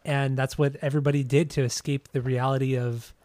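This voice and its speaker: A man's voice: medium pitch, flat delivery, brisk, darkish tone, dry recording. Dry-sounding man, casual podcast chat. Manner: rambling, profane, with frequent restarts. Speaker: podcast co-host.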